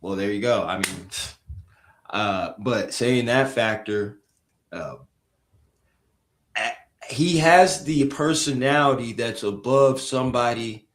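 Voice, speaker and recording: A man with a medium-pitched voice meanders through his points on a casual podcast, stopping on frequent ums. His voice carries a noticeable roomy echo. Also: takes it slowly, long pauses. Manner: rambling, frequent "um". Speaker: podcast panelist. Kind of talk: casual sports chat.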